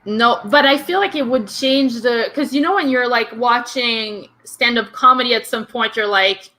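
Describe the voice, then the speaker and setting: A woman's voice: fairly high pitch, normal speed, hardly any pauses, pushed and bright. A woman hosting a casual chat, laughing a lot and telling stories with quoted dialogue. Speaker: host. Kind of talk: casual chat over a video call.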